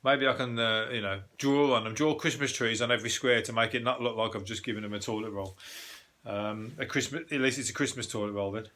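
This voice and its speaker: A man talks through odd news stories on his own show. His voice is bright and forward, and he rambles, swears freely and keeps breaking off to joke. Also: mid-range voice, steady tone, brisk. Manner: sweary, jokey rambling with frequent laughs. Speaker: podcast host. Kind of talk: casual solo news commentary.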